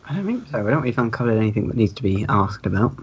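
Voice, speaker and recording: A man's voice: lowish voice, big pitch swings, racing, muffled recording, a crowd in the background. A man playing in a tabletop game, joking and bargaining with the game master. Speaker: player.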